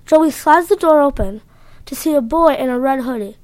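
A woman reads a story aloud in a plain, earnest manner. Her voice is high, and the sound is dry and close with no room around it. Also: moderate pace, a little mellow, dry recording.

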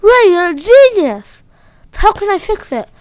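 A nervous, excitable boy who travels through time, his voice high and lively in a storybook reading, as a woman puts him on. He talks in quick, breathless bursts when things go wrong. The sound is dry and close. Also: no room sound, heavily acted. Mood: worried.

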